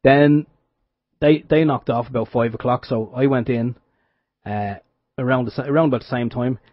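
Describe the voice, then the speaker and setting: A man's voice: medium pitch, fairly even intonation, moderate pace, no room sound. An Irish man co-hosting a radio show, telling a wry story in casual chat with frequent restarts. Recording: dull dry radio sound.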